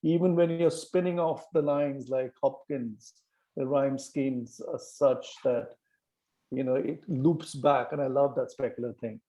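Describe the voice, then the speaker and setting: A poetry series host on a video call, his voice mellow and warm-toned. He praises effusively and winds through long questions, often restarting his sentences. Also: mid-range voice, fairly even intonation, unhurried, poor audio. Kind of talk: interviewing a poet.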